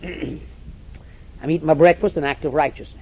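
A man's voice: fairly high pitch, steady tone, unhurried, breathy edge. A man preaching a sermon, emphatic and direct, repeating phrases and calling listeners to listen. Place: church or meeting hall with audience. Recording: dull lo-fi recording.

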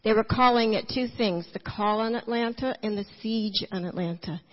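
A woman with a medium-pitched voice and moderate pace gives a personal testimony in church, telling her story with humor and acting out the dialogue. The recording is from a church hall and sounds dull and echoey.

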